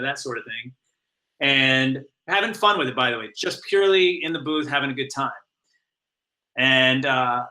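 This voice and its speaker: A man's voice: medium pitch, sharp tone, low-quality recording. A man guesting on a podcast interview, talking casually with many fillers, restarts and laughs. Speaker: guest, animated series showrunner.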